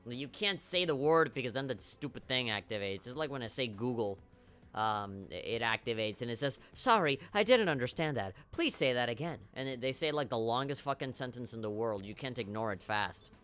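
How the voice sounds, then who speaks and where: A man's voice: mid-range voice, brisk, fairly bright tone, clean tone, faint music behind. A man streaming a video game live, rambling with wry, profane commentary.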